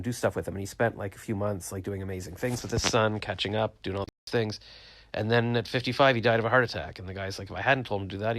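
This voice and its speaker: A man's voice: medium pitch, no echo. A man recording a casual late-night video diary in his small home studio, rambling and reflective as he retells conversations. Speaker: vlogger.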